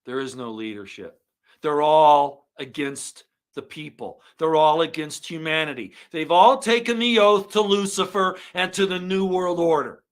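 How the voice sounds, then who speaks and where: A man giving an angry monologue to his viewers, swinging from loud outbursts to low muttering. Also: steady tone, measured pace, hardly any pauses. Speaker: online commentator.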